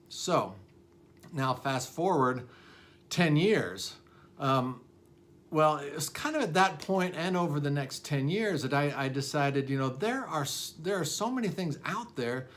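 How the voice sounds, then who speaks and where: A man's voice: fairly high pitch, animated, moderate pace. Middle-aged dentist guy telling a story, candid, pokes fun at himself, lots of um and you know. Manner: candid, self-deprecating, with many fillers and restarts. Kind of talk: personal storytelling.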